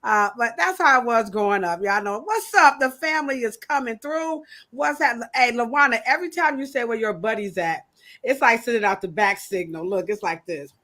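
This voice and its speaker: Woman, podcast host, playful and animated, casual livestream chat. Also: on the high side, normal speed. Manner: animated, playful, acts out quoted voices.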